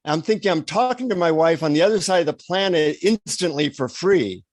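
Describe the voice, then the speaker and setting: A man guesting on a podcast, spinning a lively anecdote and acting out each exchange. His voice is a touch higher than most men's. The sound is close and dry on a podcast mic. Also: brisk, no echo. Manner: lively anecdotal storyteller, acts out dialogue. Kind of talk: storytelling in an interview.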